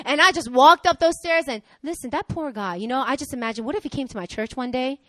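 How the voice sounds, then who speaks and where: A woman preaching a sermon who tells candid personal stories and acts out the dialogue with lively energy. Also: high-pitched, quick pace, hardly any pauses, no echo. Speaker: preacher, pastor's wife.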